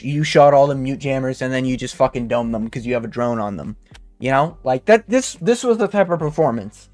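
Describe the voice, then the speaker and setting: A young man ranting with frustration and heavy swearing as he breaks down a fight card in casual chat. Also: a little high. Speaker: MMA commentator.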